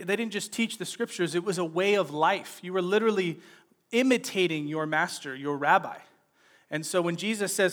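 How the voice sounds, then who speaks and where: A man teaching a sermon on a Bible passage in a conversational way, often checking in with "right?" and retelling scenes in lively everyday speech. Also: high voice.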